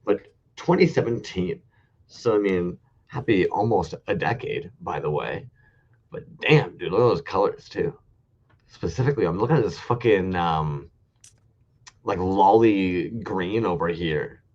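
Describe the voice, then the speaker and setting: A man's voice: sits low, lively intonation, unhurried, a little mellow, dull audio. A man co-hosting a casual online toy show, a rambling, profane storyteller. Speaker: podcast co-host. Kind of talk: casual chat with heavy swearing.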